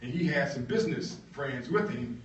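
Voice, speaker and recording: A man, an author, telling a story at a lecture in an animated way, acting out voices. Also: medium pitch, normal speed, dull audio. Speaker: author giving a talk. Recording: roomy lecture hall, mic at a distance.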